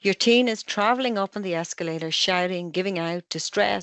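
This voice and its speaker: A middle-aged Irish woman, a family psychotherapist, calmly explaining parenting ideas with analogies in an online webinar. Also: medium pitch, no echo. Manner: calm, measured explaining with analogies.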